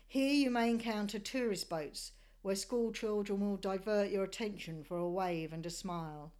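A woman from Australia giving scripted travel narration of a sailing voyage in a measured, descriptive storytelling manner. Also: mid-range voice, darkish tone, clear, resonant tone.

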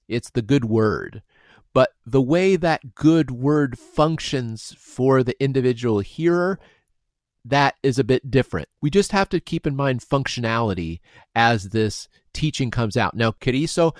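A man's voice: medium pitch, no room sound, clean studio sound. Man explaining word meanings with homely examples. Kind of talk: scripture discussion.

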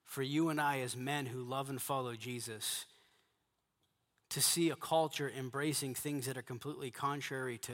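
A man's voice: medium pitch, pushed and bright, in a large hall. A middle-aged male pastor preaching emphatically to men, repeating his key phrases. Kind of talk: sermon to a men's gathering.

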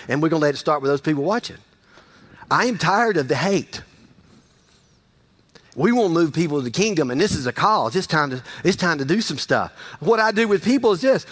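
A man's voice: a little high, a bit bright. A man preaching a sermon in a folksy, conversational way, repeating phrases for emphasis. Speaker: pastor.

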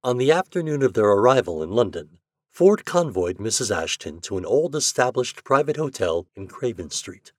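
Man, podcast host, story narration, animated pitch, dry close-miked sound. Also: brisk, dry recording. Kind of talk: scripted narration.

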